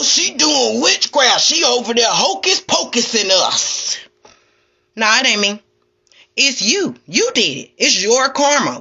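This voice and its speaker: A woman's voice: fairly high pitch, pushed and bright, lo-fi sound. A woman giving a sassy, preachy, scolding spiritual rant to her viewers on a livestream. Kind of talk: ranting livestream monologue.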